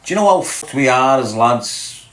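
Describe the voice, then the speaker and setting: Speaking at a normal speed, this Scouse-accented host from Liverpool reads his livestream chat aloud, mocking viewers with crude banter. His medium-pitched voice is expressive and slightly bright, recorded in an echoey room.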